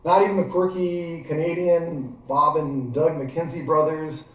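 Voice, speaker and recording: A man's voice: on the high side, steady tone, a little slow. A man with a Midwestern American accent from Ohio, giving a chatty, digressive how-to demonstration full of fillers. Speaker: gear how-to vlogger. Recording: very echoey room, voice far from mic.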